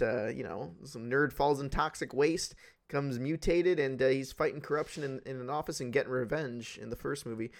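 A man hosting a casual podcast chat, animated and swearing freely as he spins comic what-if scenarios. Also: fairly high pitch. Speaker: podcast host.

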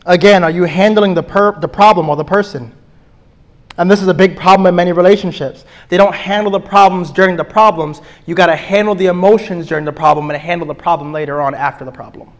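A man preaches to a class about relationships. He talks emphatically and leans hard on key lines, slowing down to repeat them. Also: high-pitched. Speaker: pastor teaching a relationship class. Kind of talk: sermon-style teaching.

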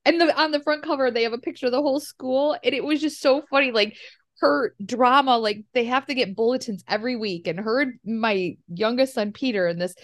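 A middle-aged woman, a mother, telling a family story in casual chat over a video call, animated and laughing often. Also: fairly high pitch, fairly quick. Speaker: podcast co-host, mother.

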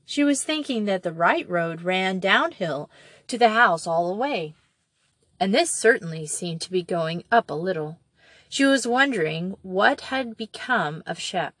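A woman reading a children's novel aloud as an audiobook narrator, in a measured and expressive way. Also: medium pitch, dry recording.

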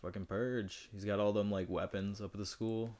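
A man's voice: fairly low pitch, fairly even intonation, moderate pace, a little mellow. A young man from Michigan, a podcast guest rambling in casual chat with a lot of profanity and jokes. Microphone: studio podcast mic.

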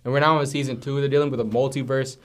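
Man, podcast co-host, casual chat, animated storytelling, slangy, mid-pitched voice. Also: rapid-fire. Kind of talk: casual chat, retelling cartoon plots.

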